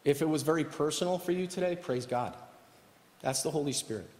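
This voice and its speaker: A man's voice: a little high, a little fast, a little mellow. A man preaching a sermon as pastor, emphatic and repeating his key phrases. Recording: echoey hall reverb.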